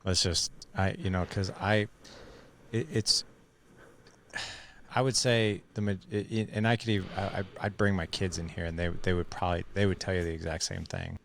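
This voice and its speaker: Low-voiced man, rambling casual host. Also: fairly even intonation, normal speed, creaky, slight background noise. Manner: rambling, restarts often, says "dude" and "like". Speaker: podcast host. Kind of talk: casual conversation.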